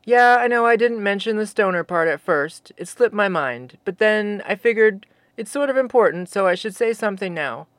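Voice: medium pitch, animated, normal speed, hardly any pauses, a bit bright, no room sound. A storyteller narrating a tale casually, with wry, teasing asides to the listener.

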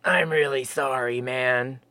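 A narrator doing a low, laid-back Sasquatch stoner. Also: a little slow, no echo. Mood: mellow. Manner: sheepish, relaxed drawl.

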